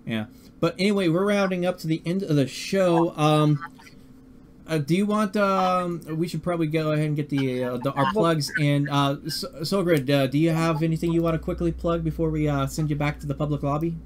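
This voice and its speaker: A man's voice: a little high, fairly even intonation. A man hosting a live-streamed talk show, speaking casually and often stumbling over his words. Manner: halting, repeats words and restarts. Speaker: podcast host.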